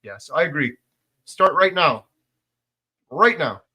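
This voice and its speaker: Slow and husky, with a voice on the high side and plenty of animation, this middle-aged livestream host reads through viewer comments. He speaks emphatically, raising his volume to make his points.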